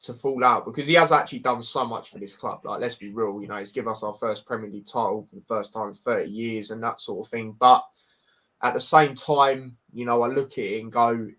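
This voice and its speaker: A Scouse podcast host talks football casually in a man's medium-pitched voice, steady and fairly quick with a sharp edge. He's frank and blunt, keeps restarting his sentences, repeats himself and calls people "mate" a lot.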